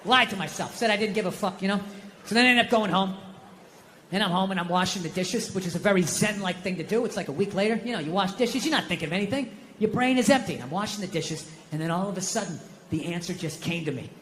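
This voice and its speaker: Performing comedy on a large theater stage, this man tells animated stories and voices his inner thoughts aloud. He speaks fast in a high register, and the recording carries slight background noise, the reverb of a live theater, and a faint crowd.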